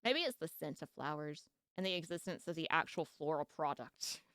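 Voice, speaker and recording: A bright, clear woman, chatting and giggling on her live stream. Her pitch jumps all over and she rambles with restarts. The sound is close and dry. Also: animated, moderate pace, no room sound. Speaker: streamer reacting to videos. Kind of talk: casual live-stream reaction chat.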